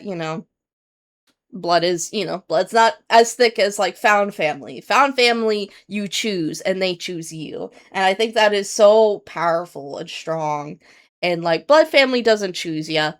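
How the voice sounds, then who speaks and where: A woman streamer chatting casually to her viewers, rambling with many fillers and restarts, earnest and candid. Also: medium pitch.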